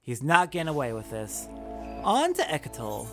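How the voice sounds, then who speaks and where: A man giving relaxed, offhand commentary while playing a video game. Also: fairly high pitch, normal speed, over music. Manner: laid-back, offhand, jokey. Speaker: let's play host. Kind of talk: casual gameplay commentary.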